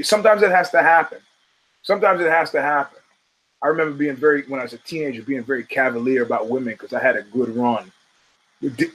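A man's voice: medium pitch, fairly bright tone, slightly rough, rough recording. A man in his fifties hosting a podcast, ranting about fight results with lots of profanity and rambling asides. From United States. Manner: emphatic, ranting, profane, digressive. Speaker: podcast host.

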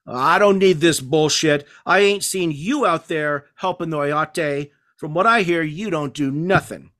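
A man voicing a hulking, crude middle-aged male bully who talks in a gruff, dismissive and profane way, read aloud from a novel. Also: fairly high pitch, unhurried, bright, forceful tone. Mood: hostile.

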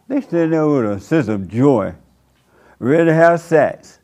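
A man pastor preaching a sermon at a church service, with slow, emphatic, drawn-out phrasing. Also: on the high side, animated, darkish tone.

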